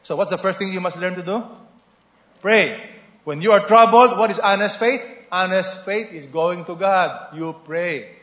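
A man preaches with energy, swinging from loud emphatic lines to quiet, low asides as he questions his listeners. His voice sits fairly high for a man. The recording has a roomy echo and a slightly muffled, dull tone. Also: normal speed. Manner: animated preaching, call-and-response questions to the congregation. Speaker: pastor. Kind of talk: sermon.

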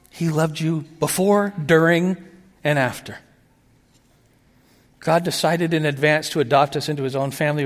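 A man preaching a sermon, animated, moving between excited asides and soft, hushed emphasis. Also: a little high, long reverb tail. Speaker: pastor.

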